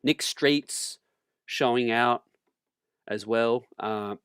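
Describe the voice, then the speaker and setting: Slow-talking man hosting a sports channel. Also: medium pitch, dry recording, studio quality. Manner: slow, relaxed, calls viewers fam and ladies and gentlemen; clears his throat often. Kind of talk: casual sports commentary.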